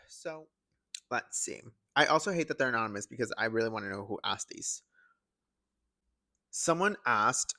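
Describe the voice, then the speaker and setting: Young man, podcast host, casual emotional chat, bright tense voice, dry recording. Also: medium pitch, gravelly, no echo. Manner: chatty, fillers of "like", emotional and sensitive.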